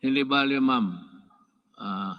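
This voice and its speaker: A man's voice: mid-range voice, highs cut off. A man with a Filipino accent giving a formal address from a podium in a large indoor hall. He breaks into off-script asides and keeps restarting and correcting himself. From Philippines. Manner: halting, with restarts and self-corrections. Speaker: head of state giving an address. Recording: long reverb of a large hall.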